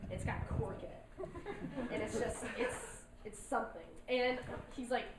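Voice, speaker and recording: A woman's voice: on the high side, unhurried. A young woman doing a stand-up set, chatty and self-deprecating, laughing between lines. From North Carolina mountains. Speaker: stand-up comedian. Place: large hall with an audience. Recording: echoey hall from far off, noisy.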